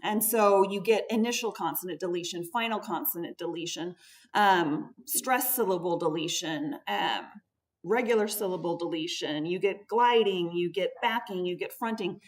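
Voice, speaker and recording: A woman speech therapist with a lowish voice, speaking at normal speed, gives a patient, explanatory presentation in a conference room, stressing key words along the way. Her voice is picked up from a distance.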